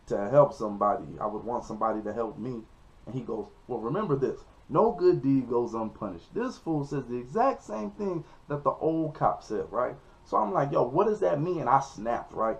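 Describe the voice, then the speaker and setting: A young man in his twenties, a comedian telling a story in a casual vlog, animated and jumping into high yelps when he quotes people. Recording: dull lo-fi recording.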